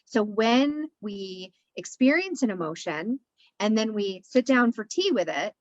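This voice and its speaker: A woman's voice: mid-range voice, expressive, unhurried, no room sound. Woman coaching with a dull, dry sound. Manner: repetitive, coaching tone with frequent "right?". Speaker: podcast guest. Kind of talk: spiritual wellness talk.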